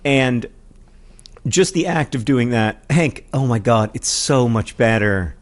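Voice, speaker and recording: A man in his forties co-hosts a casual comedic podcast chat, speaking slowly in a medium-pitched voice with lively intonation. He rambles and pokes fun at himself, full of ums and restarts. He's using a studio mic with headphones.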